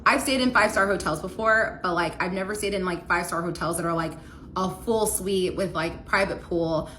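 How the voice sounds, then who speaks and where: Young woman, personal storytelling, casual, lots of "like", lowish voice, bright forceful tone. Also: fairly quick, slight background noise. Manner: casual, heavy use of "like" fillers.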